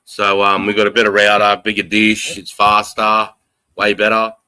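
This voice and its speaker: A man's voice: fairly low pitch, completely flat delivery, normal speed, bright, forceful tone, clear, resonant tone, no echo, rough recording. An Australian man hosting a casual live stream, rambling, swearing freely and reading out chat comments. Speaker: livestream host. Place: home in the countryside.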